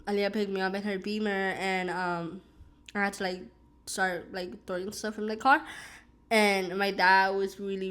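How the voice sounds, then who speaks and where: A woman's voice: mid-range voice, bright, forceful tone. Rambling young woman telling a story. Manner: rambling, many "like"s and restarts. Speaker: vlogger. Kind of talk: casual storytelling while eating.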